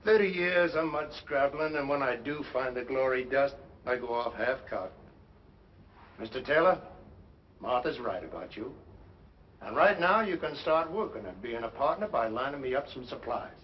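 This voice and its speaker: An actor playing a grizzled, gruff but tender old gold prospector with a folksy frontier drawl, in a 1950s film. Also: male voice, mid-range voice, lively intonation, measured pace, pauses often, a little hiss or hum, close to an everyday voice. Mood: excited. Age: older. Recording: dull old film soundtrack with music.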